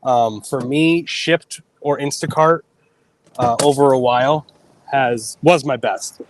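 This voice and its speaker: A man working as a delivery driver, chatting casually on a livestream in a halting, hesitant way. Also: medium pitch, slight background noise. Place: out on delivery runs.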